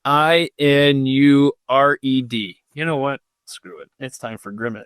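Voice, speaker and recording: A man's voice: medium pitch, steady tone, a little slow, a bit bright, dry recording, clean studio sound. A man hosting a podcast in an unscripted, casual way, drifting off topic into self-mocking asides while reading out history. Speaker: podcast host.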